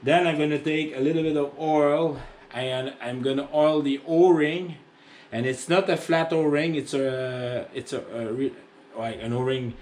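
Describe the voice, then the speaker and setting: A man's voice: fairly high pitch, fairly even intonation, measured pace, darkish tone. A man with a French accent explaining tractor upkeep in a chatty, rambling how-to vlog, joking at himself. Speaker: tractor owner showing maintenance.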